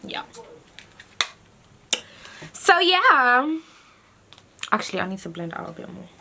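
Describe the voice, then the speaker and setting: A woman in her twenties, chatting softly as she narrates her makeup steps at home. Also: fairly high pitch, very animated, slow, gravelly. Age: 20s. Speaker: vlogger. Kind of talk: casual chat. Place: at home, getting ready. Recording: noisy home video recording.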